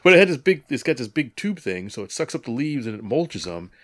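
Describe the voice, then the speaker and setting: A man co-hosting a hobby podcast, chatting casually, animated and joking with frequent laughs. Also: medium pitch, quick pace, no room sound, clean studio sound. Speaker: podcast co-host. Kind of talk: casual chat.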